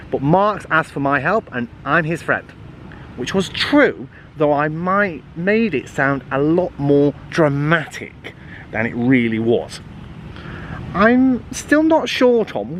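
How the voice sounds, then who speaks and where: A man reading a children's book aloud in a lively, playful way, adding little asides and the odd slip. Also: fairly high pitch, a little hiss or hum. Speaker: storybook reader.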